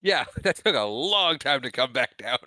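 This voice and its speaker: A man co-hosts a laid-back film podcast and chimes in with short, wry asides. His voice sits mid-range with a bright tone, and it is recorded dry and close. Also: mid-range voice, big pitch swings, normal speed, no room sound. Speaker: podcast co-host. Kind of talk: casual movie chat.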